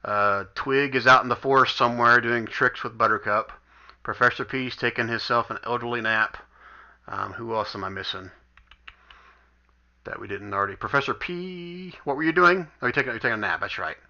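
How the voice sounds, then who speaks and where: A chatty man narrating as game master in an online tabletop game, laughing often between scenes. His voice is bright and sharp at the top end, and the recording is dull and lo-fi. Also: medium pitch, fairly quick, creaky.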